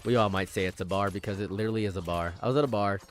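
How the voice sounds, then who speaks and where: A man's voice: lowish voice, rapid-fire. A young man streaming, chatting casually and joking around, often repeating his lines for comic effect. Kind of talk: casual rambling stream banter.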